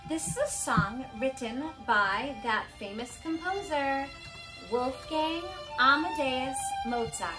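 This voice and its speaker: Slow, lively-voiced woman music teacher. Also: high voice. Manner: bright, encouraging, speaks slowly and clearly to kids. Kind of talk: online music lesson for young children.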